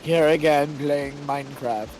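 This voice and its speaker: A man imitating a gaming YouTuber with a monotone, deadpan, oddly formal delivery. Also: on the high side, measured pace, slight background noise, close to an everyday voice. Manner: flat, deadpan, formal phrasing.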